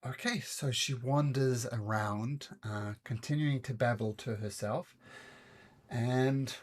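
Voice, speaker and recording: Husky-voiced woman running a tabletop game. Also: rumbling low, slow. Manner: relaxed, chatty, with fillers and restarts. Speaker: game master. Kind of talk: narrating a tabletop game over voice chat. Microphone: computer mic on a voice call.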